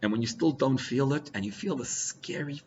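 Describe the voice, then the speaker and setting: A man giving a sermon as a rabbi, animated, swinging between loud outbursts and quiet asides, with Hebrew and Yiddish terms mixed in. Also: medium pitch, moderate pace. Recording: slightly dull recording with faint hiss.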